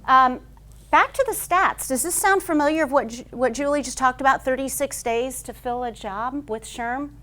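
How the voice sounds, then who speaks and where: A woman HR consultant giving a conference talk to a live audience, telling stories at a rapid clip with frequent fillers. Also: sits high. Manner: fast-paced, says she talks like an auctioneer; lively storytelling with frequent "um" fillers.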